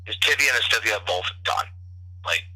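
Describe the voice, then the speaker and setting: Deep-voiced, fast-talking man on a phone line. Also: bright, forceful tone, slightly rough. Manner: rambling, profane, with frequent restarts. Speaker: podcast guest, bartender. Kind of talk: casual storytelling over the phone. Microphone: telephone.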